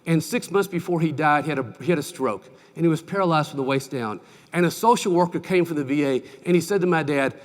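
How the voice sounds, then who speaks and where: A middle-aged man giving a folksy, animated keynote speech at a conference, telling stories and asking the audience questions. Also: a little high, fast. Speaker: keynote speaker. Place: large conference hall. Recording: distant mic with long hall reverb.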